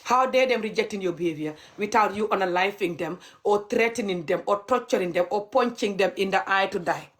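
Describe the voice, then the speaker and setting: A woman's voice: mid-range voice, a little fast, hardly any pauses. Young woman, heated livestream rant, mocking edge, mid-range voice. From Gambia. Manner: heated, mocking, laughs bitterly. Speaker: vlogger.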